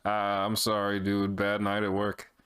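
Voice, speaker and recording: A man streaming a retro game, chatting casually with viewers, swearing freely and reacting out loud. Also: fairly low pitch, monotone, a little slow, clear, resonant tone. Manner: loose, profane, reads chat aloud. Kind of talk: casual live-stream chat.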